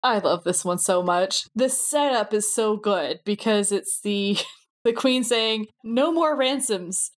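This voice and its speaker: Podcast co-host, woman, mid-pitched, eager and giggly casual chat. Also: takes it slowly. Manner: enthusiastic and giggly.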